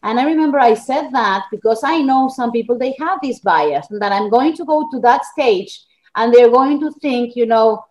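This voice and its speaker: A woman's voice: fairly high pitch, normal speed, darkish tone, poor audio. A woman from Argentina with an Argentine Spanish accent, speaking English as a second language, telling her story earnestly in an interview. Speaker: guest author. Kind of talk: interview conversation.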